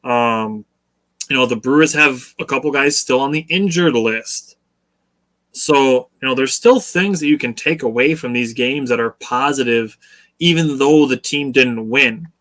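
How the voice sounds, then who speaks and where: Co-hosting a casual sports talk show, this man has a bright, slightly tense mid-range voice. He explains patiently and measuredly, coaching listeners to keep an even keel, and his delivery stays conversational.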